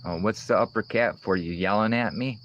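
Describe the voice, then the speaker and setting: A low-voiced man rambles through a casual outdoor livestream, answering chat and swearing freely. Faint insect and cricket noise hums behind him. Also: a little fast, a bit bright, dull audio. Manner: rambling, profane, talks back to chat comments. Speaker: livestream host reading chat.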